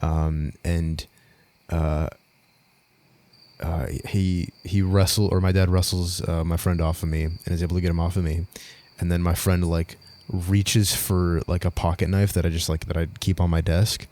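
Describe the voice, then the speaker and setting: A man's voice: deep voice, level tone, moderate pace, darkish tone. A young man co-hosting a podcast, telling a story in casual chat, rambling, swearing a lot and laughing as he goes. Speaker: podcast co-host.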